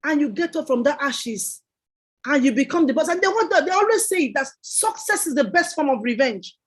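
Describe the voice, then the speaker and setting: Lady giving a pep talk, high voice, hammers the same point over and over. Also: lively intonation, normal speed. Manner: emphatic and repetitive, preacherly. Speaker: guest entrepreneur. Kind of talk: motivational talk.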